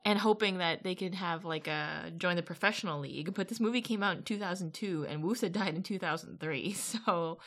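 A woman's voice: lowish voice, a little fast, hardly any pauses, fairly bright tone. A woman co-hosting a podcast in casual chat, laughing often as she tells stories. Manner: laughing, storytelling, profane. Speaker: podcast co-host.

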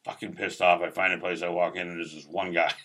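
A man's voice: deep voice, level tone, fairly quick, sharp tone. A man, an actor, telling a rambling, profane story in casual conversation.

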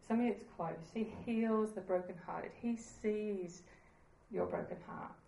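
A woman's voice: mid-range voice, unhurried, gravelly, warm tone, reverberant, poor audio. A woman preaching a sermon in an earnest, conversational way, laughing at herself now and then.

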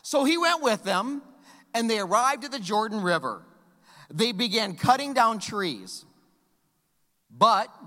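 A middle-aged male pastor preaches with animated storytelling, his voice high and swinging widely in pitch. The tone is bright and forward. A long hall reverb trails behind his words. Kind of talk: sermon.

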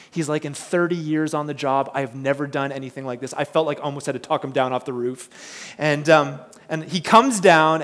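A man preaching a sermon, telling a lively personal story and asking the crowd questions. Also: a little high. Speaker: pastor.

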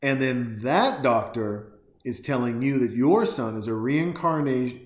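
Brief: mid-pitched man, crude and sarcastic, rambling movie commentary, roomy sound. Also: darkish tone. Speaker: movie reaction host. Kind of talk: casual ranting movie commentary.

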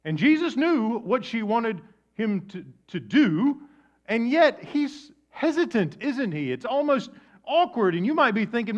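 A man preaching a sermon with dramatic swings from loud emphasis down to a hushed near-whisper. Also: very high-pitched, sing-song, measured pace. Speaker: pastor. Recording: dull lo-fi sound.

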